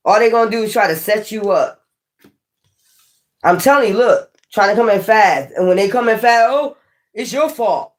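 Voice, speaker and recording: A woman doing a casual tarot reading, animated and profane, laughing often and talking straight to the viewer. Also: medium pitch. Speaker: tarot reader.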